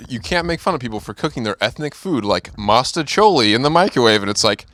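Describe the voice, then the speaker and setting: A man's voice: mid-range voice, animated, fast talker, fairly bright tone, no echo. A young adult man, a guest on a podcast, giving earnest opinions in casual chat and hedging them.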